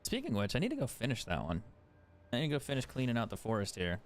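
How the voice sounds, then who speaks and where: A man's voice: mid-range voice, huge pitch swings, fast talker. A young man chatting casually as a game streamer, swearing freely and laughing often. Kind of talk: casual gaming stream commentary.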